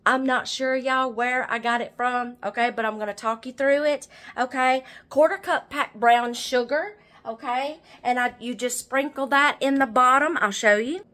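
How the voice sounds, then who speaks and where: A woman's voice: high-pitched, moderate pace, hardly any pauses, fairly bright tone. An older woman with a Southern US accent, chatting casually to viewers while she cooks in her home kitchen. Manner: chatty, keeps addressing viewers as y'all and checking okay. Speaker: home cooking vlogger. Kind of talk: casual cooking demonstration.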